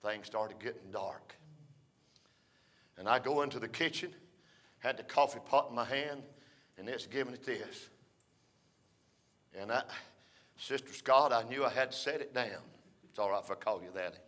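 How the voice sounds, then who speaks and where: An older man preaching a folksy storytelling sermon, rising to shouts between drawn-out "uh" phrases. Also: mid-range voice.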